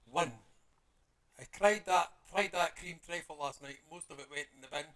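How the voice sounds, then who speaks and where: A man's voice: on the high side, moderate pace, bright, forceful tone. A man chatting playfully as he builds a paper model, muttering to himself and making silly sound effects.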